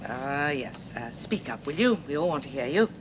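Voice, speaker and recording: An actress playing a nursing tutor who lectures new students in a brisk, chatty way with small laughs. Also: female voice, rumbling low, expressive, background noise. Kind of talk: scripted TV drama acting.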